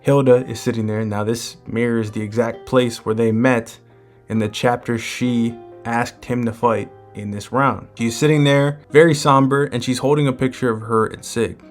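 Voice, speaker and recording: A man hosting a manga chapter breakdown, retelling the story in a relaxed, conversational way. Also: medium pitch, moderate pace, faint music behind. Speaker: manga chapter recap host. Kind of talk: casual comic chapter breakdown.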